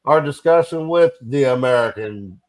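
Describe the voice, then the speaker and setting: A man's voice: medium pitch, animated, moderate pace. A man hosting a podcast in a loose, chatty way, leading the talk and the breaks. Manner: loose, chatty, drops fillers. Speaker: podcast host. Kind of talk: casual podcast chat.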